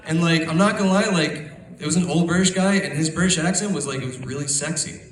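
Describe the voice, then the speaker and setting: Young male stand-up, rambling crowd work, a bit high-pitched, roomy live club sound. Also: fast talker. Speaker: stand-up comedian. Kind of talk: stand-up comedy set. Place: comedy club stage. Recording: roomy club, crowd laughter, distant capture.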